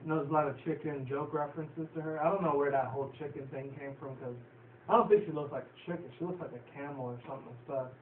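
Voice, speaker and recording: A man's voice: fairly high pitch, fairly even intonation, fast talker. A man recapping a cartoon episode in a loose, rambling way, full of fillers and casual swearing. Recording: distant, roomy, phone-like, faint hiss.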